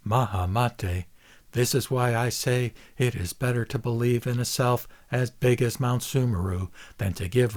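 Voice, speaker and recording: A man reading a Buddhist scripture aloud in a measured, solemn recitation. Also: medium pitch, darkish tone. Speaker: reader.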